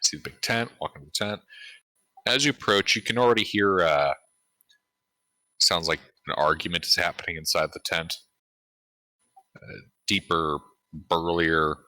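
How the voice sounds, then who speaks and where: A man narrating as game master in a tabletop game, relaxed with frequent fillers. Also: very deep voice, no echo, low-quality recording.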